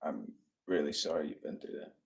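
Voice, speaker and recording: A man's voice: very deep voice, expressive, a little fast. A man co-hosting a casual live stream from a home bar, reading out viewer comments and laughing often. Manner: upbeat, laughs often, talks to his dogs.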